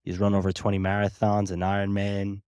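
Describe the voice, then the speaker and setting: A male podcast host with a very low, deep voice asks his guest thoughtful questions at a measured pace. The recording is close and dry, with no room sound. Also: completely flat delivery, darkish tone, clean tone, dry recording. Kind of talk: interview questions.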